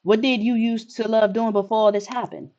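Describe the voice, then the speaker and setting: A woman's voice: a little high, fairly even intonation, normal speed, darkish tone, dull audio, close to an everyday voice. A woman reading as a relentlessly cheerful man. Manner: upbeat, reassuring.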